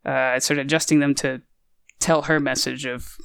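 A man's voice: mid-range voice, level tone, normal speed, gravelly, a bit bright, clean tone, dry recording, studio quality. A man casually discussing a movie on a podcast, rambling and hesitant with many fillers. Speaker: podcast co-host.

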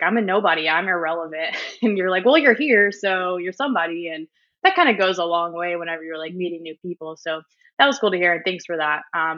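A woman's voice: fairly low pitch, pushed and bright, dry recording, lo-fi sound. A woman who works as a strength and conditioning coach, talking as a podcast guest in a friendly, chatty way with plenty of fillers. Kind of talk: casual interview talk.

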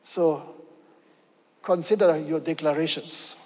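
A man preaching a sermon with emphasis, often pausing to check in with "okay?". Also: a little high, fairly even intonation, a little mellow. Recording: long hall reverb.

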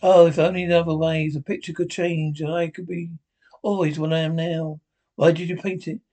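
A man reading as a young, vain gentleman in anguish, pleading and plaintive. The voice sits a little high for a man and stays close to the reader's own. It is a plain audiobook reading. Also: flat delivery, moderate pace, close to an everyday voice.

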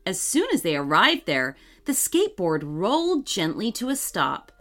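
A woman narrating a children's story in a gentle, expressive reading manner. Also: medium pitch, normal speed. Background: faint music.

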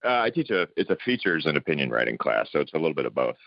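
Man, podcast guest, quick low-key replies, gravelly, muffled remote sound. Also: very animated. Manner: brief, low-key answers. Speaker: podcast guest, humor columnist. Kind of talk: casual interview chat.

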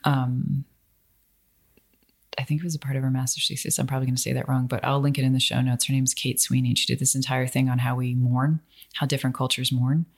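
A woman's voice: a bass voice, little pitch movement, fast talker. A woman co-hosting a podcast, chatting casually and rambling with lots of fillers and restarts. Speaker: podcast co-host.

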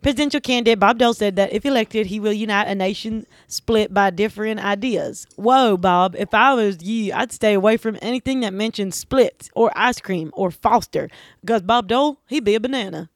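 A woman's voice: mid-range voice, a little fast, no room sound, studio quality. A woman podcast host doing a jokey mock talk show bit with playful, giggly delivery.

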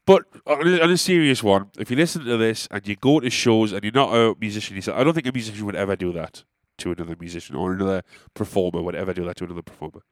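A man's voice: lowish voice, very fast, few pauses, no room sound, studio quality. A young man, a musician, telling a rambling, self-deprecating story in casual monologue.

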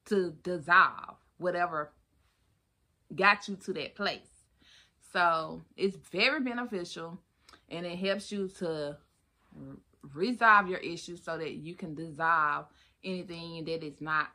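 Bright-voiced woman hosting a podcast. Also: on the low side. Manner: animated and expressive, calls listeners honey and baby. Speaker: podcast host. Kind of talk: casual solo podcast talk.

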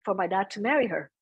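A soft-spoken woman being interviewed, chatting casually and mixing in Vietnamese phrases. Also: medium pitch, husky, dry recording, low-quality recording. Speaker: interview guest. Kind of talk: casual conversation.

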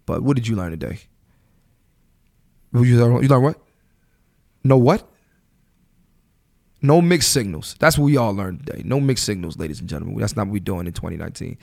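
A man in his thirties hosting a solo podcast, ranting bluntly in casual slangy talk and swearing freely, his voice jumping higher when he gets fired up. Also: creaky. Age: 30s. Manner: animated, voice jumps up high when fired up. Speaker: podcast host.

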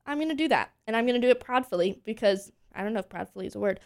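A woman in her twenties, a voice teacher from Pennsylvania, chatting as an interview guest and telling animated stories full of fillers. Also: a little high, quick pace. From Pennsylvania, USA. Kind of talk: casual interview chat.

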